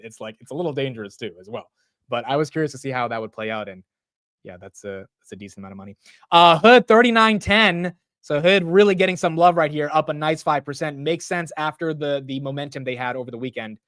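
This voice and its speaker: A man in his twenties hosting a casual live market stream, rambling and excitable, often saying bro and dude. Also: fairly high pitch, quick pace, no echo. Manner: rambling with frequent restarts. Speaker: stock market livestream host.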